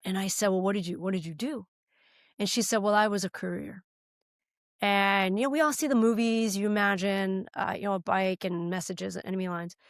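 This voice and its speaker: A woman's voice: medium pitch, fairly even intonation, a little fast, dry recording, clean studio sound. An American woman, a political candidate, telling a heartfelt personal story as a podcast guest, earnest and at times choked up. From United States.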